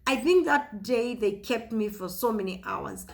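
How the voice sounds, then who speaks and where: A woman in her thirties living in the US, telling a personal story in a halting way with many fillers and restarts. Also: a little high, vocal fry. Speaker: vlogger.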